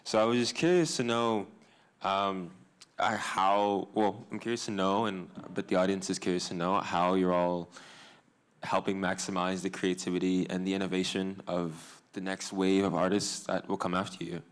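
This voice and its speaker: Low-voiced, hesitant male moderator. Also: little pitch movement, normal speed. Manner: hesitant, with many fillers. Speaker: panel moderator. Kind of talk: moderating a panel.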